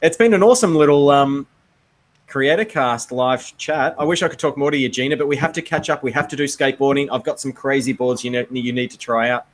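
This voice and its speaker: A man co-hosting a casual video-call chat, relaxed and rambling, laughing often. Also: mid-range voice, fairly quick, low-quality recording. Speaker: podcast co-host.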